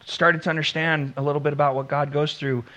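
Bright, high-voiced male preacher. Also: little pitch movement. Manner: earnest preaching, slows for emphasis, acts out biblical dialogue. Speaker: pastor. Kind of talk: sermon.

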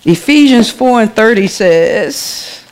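A woman's voice: on the high side, lively intonation, slow, darkish tone. A woman, preaching a sermon in a church in a conversational way, calling out to the congregation.

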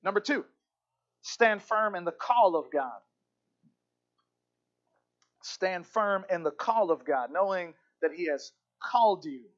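A man's voice: high voice, animated, takes it slowly, pauses often. A male pastor preaching a sermon with emphatic repetition and occasional stammered restarts. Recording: dull lo-fi recording.

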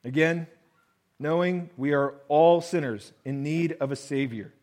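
A man with a high-pitched voice delivers a sermon. He reads scripture and then talks it through in a casual, conversational way, sometimes acting out what people might say. He lets his voice sink low and soft on the lines that matter most. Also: a little slow, poor audio. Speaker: pastor.

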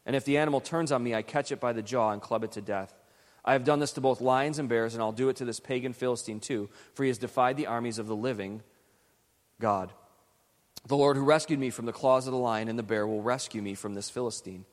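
A man's voice: medium pitch, quick pace, lightly acted. A man voicing a bold, earnest young shepherd hero with emphatic delivery, heard in a long hall reverb.

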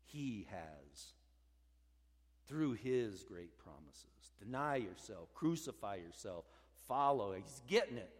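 A male pastor preaching a sermon, swinging between loud urging and hushed, low passages. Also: very animated, measured pace, few pauses, in a large hall.

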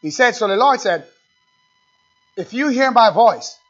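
A man's voice: extremely high pitch, expressive, unhurried, a bit bright, faint music behind. A male pastor preaching a sermon, emphatic and repetitive, putting questions to his congregation. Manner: emphatic, repeats phrases, asks the congregation questions. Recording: dull lo-fi sound.

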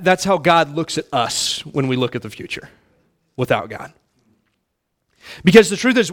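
A man in his thirties delivers a sermon as a pastor, his voice sitting notably high for a man. He tells homely stories and jokes with the congregation, restarting his phrases often in an easy, folksy manner. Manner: folksy, joking storytelling with many restarts.

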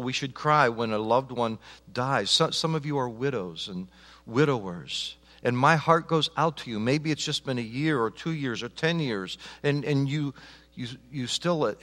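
A man preaching a sermon as pastor, swinging between loud emphatic lines and soft, slowed ones, often repeating words and restarting phrases. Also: medium pitch. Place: church sanctuary. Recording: long reverb of a large hall.

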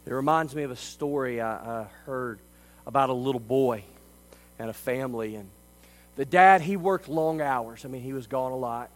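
A man preaching a sermon as a pastor. He delivers it emphatically, swinging between quiet stretches and loud ones. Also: medium pitch, normal speed, low-quality recording.

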